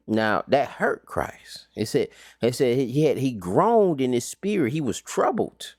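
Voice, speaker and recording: A man's voice: mid-range voice, animated, a little slow, no echo, studio quality. A man teaching an informal Bible study recap, talking casually with slang and rhetorical questions.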